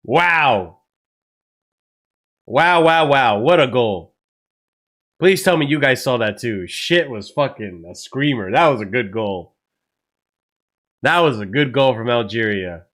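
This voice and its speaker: Excitable swearing streamer man. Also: mid-range voice, takes it slowly, long pauses. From United States. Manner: excitable, swears a lot, loud outbursts at goals. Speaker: watchalong streamer. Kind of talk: live match reaction stream.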